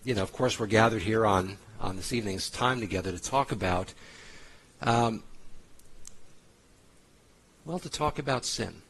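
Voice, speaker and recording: Husky-voiced male pastor, sermon reading, chatty asides. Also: lowish voice, normal speed, long pauses, a bit bright, low-quality recording. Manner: conversational, with asides while reading aloud.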